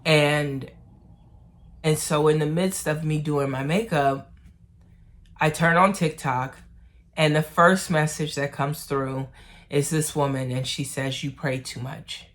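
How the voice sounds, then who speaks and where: A woman talking slowly to her camera at home about her faith, in a soft and emotional way with pauses. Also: sits low, fairly even intonation. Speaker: vlogger. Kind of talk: personal faith vlog, candid talk to camera.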